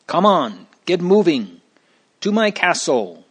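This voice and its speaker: A man's voice: mid-range voice, expressive, a little slow, natural voice. A man doing a roaring, angry giant. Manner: roaring, bossy. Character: huge angry male giant, domineering.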